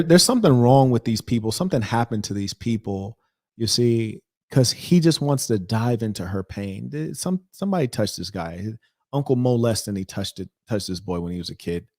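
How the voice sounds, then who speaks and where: In clean studio audio with no room sound, a man with a warm, expressive voice on the low side reacts at a moderate pace. His reaction commentary comes across indignant, emphatic, and rambling.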